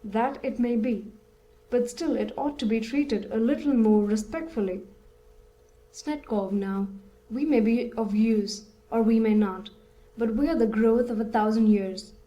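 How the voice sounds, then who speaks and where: A woman voicing an older male country landowner in an audiobook, calm, resigned and sure of his views. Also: fairly high pitch, a little slow, dull audio, natural voice.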